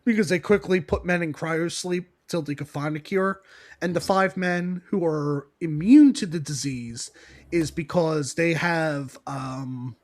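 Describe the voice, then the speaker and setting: A man's voice: on the high side, measured pace. A man co-hosting a podcast, recapping a comic in a rambling, giggly way and laughing often as he talks. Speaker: podcast co-host. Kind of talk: casual comic-book recap chat.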